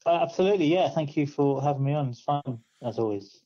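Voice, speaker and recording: Man, comedian guest, mellow tone, laid-back, cheeky, lo-fi recording. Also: a little high, lively intonation, quick pace. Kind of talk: casual chat.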